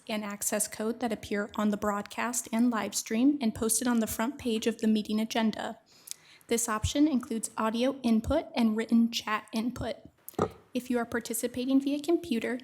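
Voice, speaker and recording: A woman clerk reading meeting procedures and a roll call in a formal, scripted way. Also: a little high. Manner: formal, scripted, even delivery.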